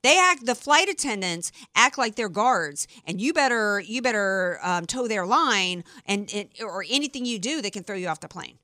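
A woman from the American Deep South, hosting a talk radio show with emphatic, opinionated chatter. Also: animated, pushed and bright, no room sound, clean studio sound. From Deep South of the United States. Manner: emphatic, opinionated, quick asides.

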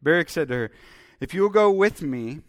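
Speaking fairly fast in a fairly high voice, a man delivers a sermon, reading from the Bible and adding commentary as he goes. His manner is animated, and he occasionally performs characters' voices while telling the story.

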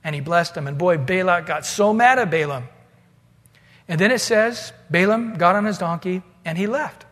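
A man's voice: high voice, fairly bright tone. A man preaching a sermon, retelling a story casually and acting out the dialogue, with long hall reverb.

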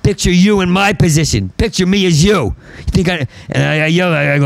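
A man, a stand-up comedian, in a profane rambling rant, stuttering and repeating syllables and swinging into angry shouting. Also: fairly high pitch, quick pace, gravelly, dry recording.

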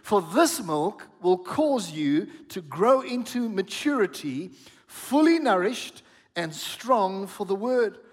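A middle-aged man preaching a sermon as pastor, telling stories and calling out to the congregation with lively exclaims. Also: high voice. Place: church hall. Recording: long hall reverb.

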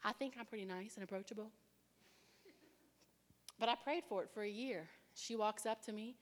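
A woman preaching a sermon, telling her own story with animated delivery and acting out other people's voices. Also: medium pitch, normal speed, pauses often. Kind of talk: sermon with personal testimony. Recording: long reverb of a large hall.

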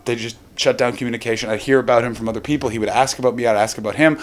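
A man doing stand-up comedy, telling rambling stories and breaking into animated quoted voices. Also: mid-range voice, rapid-fire, slight background noise. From Canada. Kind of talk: stand-up storytelling.

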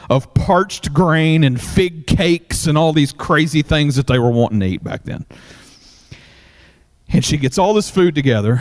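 A man preaching a sermon, retelling a story in a loose, animated way with many fillers. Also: fairly high pitch. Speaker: pastor.

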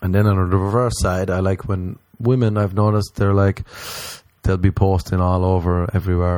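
A young man delivers a stand-up set in a deadpan, storytelling way, slipping into the voices of the people in his tales. His voice sits low with a gravelly edge and a dark, mellow tone. The sound is dry and close. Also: brisk, no room sound. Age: young adult. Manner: deadpan storytelling, acting out both sides of chats. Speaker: stand-up comedian.

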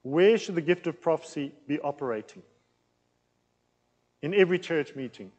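A man preaching a teaching sermon in a plain, loud, conversational way, with an accent that he says can sound aggressive. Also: a little high, animated, moderate pace, in a large hall, low-quality recording. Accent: non-local accent in England. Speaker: pastor teaching a series.

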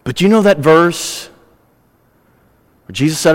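High-voiced preacher in a reverberant hall. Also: male voice, normal speed, pauses often. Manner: earnest storytelling preacher, varies pace, drops low for emphasis. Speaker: pastor. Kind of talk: sermon.

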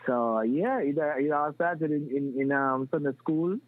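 A man telling stories from his youth in an animated way, often restarting his sentences. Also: on the high side, normal speed, dry recording. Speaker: guest. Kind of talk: casual storytelling. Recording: dry, tinny phone-like sound.

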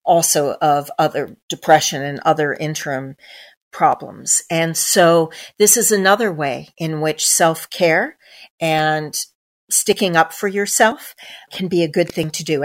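A middle-aged woman doctor from the United States telling a story in a podcast interview, acting out the people she quotes. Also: fairly low pitch. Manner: storytelling, acts out quoted voices. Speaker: guest doctor. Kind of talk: anecdotal interview talk.

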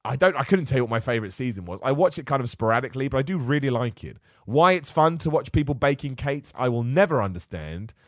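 Fast-talking man hosting a podcast. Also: mid-range voice, big pitch swings, no echo, studio quality. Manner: chatty, rambling, reads out viewer comments. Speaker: wrestling podcast host. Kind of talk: casual live-stream chat.

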